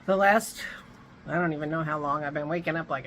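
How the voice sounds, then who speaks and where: Her voice is deep and a little fast, fairly bright, with fairly even intonation, as she rambles through a casual home vlog. Hiccups punctuate her chatter, and she keeps breaking off mid-thought; the audio is low quality with slight background noise.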